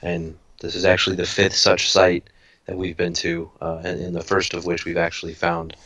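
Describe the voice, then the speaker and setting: A man talks through a tabletop game in a thoughtful, cautious way, starting over mid-sentence as he works his ideas out. His voice sits on the lower side. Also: monotone, moderate pace, a bit bright. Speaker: player. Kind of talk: casual tabletop game talk.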